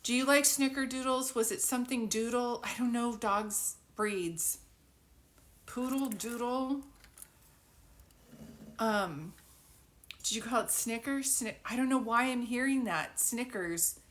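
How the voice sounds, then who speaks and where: A woman's voice: fairly high pitch, a little slow, long pauses, slight background noise. A woman doing a psychic reading live, rambling and thinking aloud, often breaking into giggles, talking into a phone. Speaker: psychic medium. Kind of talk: live reading, casual chat.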